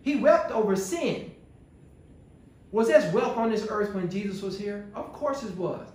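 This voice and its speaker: A man's voice: high voice, expressive, unhurried, a little mellow. A male pastor preaching a sermon, asking the congregation rhetorical questions in a call-and-response style. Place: church. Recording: very echoey church room.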